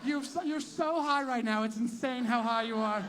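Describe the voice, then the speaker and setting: High-pitched male stand-up comic, brash, teasing, foul-mouthed crowd work. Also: moderate pace, fairly bright tone, a little hiss or hum. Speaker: stand-up comedian. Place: tent venue with a live audience.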